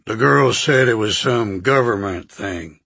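A guarded, wary country doctor speaks in a deep, unhurried drawl, voiced by a man reading an audiobook. The voice is husky and raspy. The recording is close and dry, with no room sound. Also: sharp tone, dry recording, full character voice. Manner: slow, stubborn, guarded. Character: drawling, suspicious older male country doctor.

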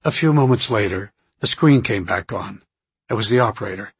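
A man reading an audiobook aloud in a measured, even narration. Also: fairly low pitch, slightly rough, no echo.

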